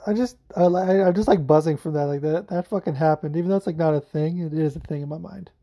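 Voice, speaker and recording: A man hosts a podcast in loose, rambling chat, often excited and free with swearing. His voice sits a touch high and sounds soft and mellow. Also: quick pace. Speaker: podcast host. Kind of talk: casual chat.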